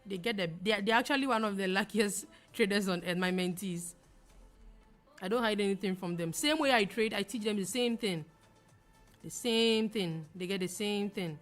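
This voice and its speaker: A young woman from Ghana hosting a live trading stream, talking fast as she reads viewer comments aloud and answers them. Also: medium pitch, soft background music. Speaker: forex trading livestream host. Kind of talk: casual livestream chat reading viewer comments.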